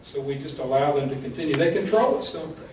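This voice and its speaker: A man's voice: fairly high pitch, animated, fast talker, darkish tone, slight background noise. A male minister preaching a sermon in an earnest, direct way, often asking the congregation rhetorical questions, recorded in a church. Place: church sanctuary. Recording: echoey church room, mic at a distance.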